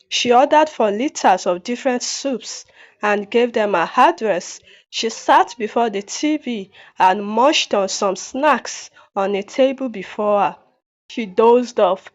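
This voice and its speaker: A woman narrates a folktale in a steady, even reading manner. Her voice sits fairly high. The recording is dull and lo-fi, as if slightly muffled. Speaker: storyteller.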